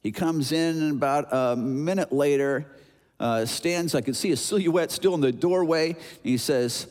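A man in his sixties from Chicago, preaching a sermon as an animated storyteller who acts out noises and voices. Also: fairly high pitch, normal speed. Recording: long hall reverb.

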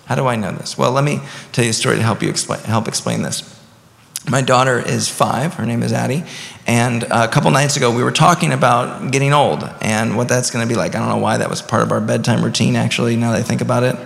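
A man's voice: mid-range voice, steady tone, fast talker, gravelly, a bit bright. A man in his thirties preaching a sermon as pastor, talking conversationally and rising to emphatic bursts. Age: 30s. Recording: long reverb of a large hall.

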